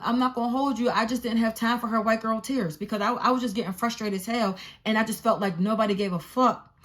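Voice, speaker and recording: Young woman vlogger, casual storytime, animated and swearing, openly exasperated. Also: medium pitch.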